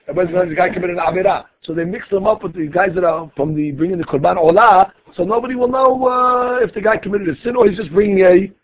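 Husky-voiced man teaching a Talmud class. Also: high-pitched. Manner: explains each quoted phrase, restating points conversationally.

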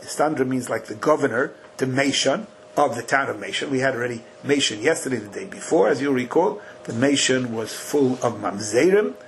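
A man teaching a Talmud study class, chanting Aramaic and Hebrew slowly and then translating it in a lively way. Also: mid-range voice, slight background noise, rough recording.

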